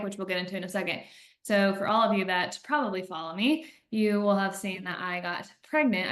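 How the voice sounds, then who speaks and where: A woman in her thirties hosting a podcast, telling stories in a chatty, animated way with frequent laughs. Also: medium pitch. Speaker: podcast host and coach. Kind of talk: casual podcast chat. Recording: roomy echo.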